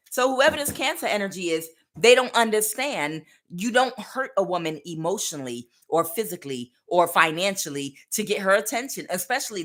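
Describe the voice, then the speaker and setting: Give me an emphatic woman tarot reader talking straight to the viewer, bright and forceful. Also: medium pitch. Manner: emphatic, repetitive, direct address. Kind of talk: casual spiritual reading.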